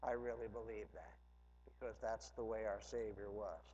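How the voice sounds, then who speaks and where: A man's voice: lowish voice, level tone, normal speed, a little mellow. A man preaching a sermon as pastor, conversational with humorous asides, rising to emphatic preaching. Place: church sanctuary. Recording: dull lo-fi church hall recording with long reverb.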